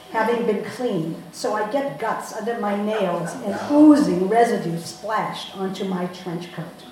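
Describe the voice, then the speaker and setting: A woman from Boston reading her own personal story aloud, storytelling with lively voiced quotes. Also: mid-range voice, a little slow, hardly any pauses. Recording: roomy, distant mic, faint hum.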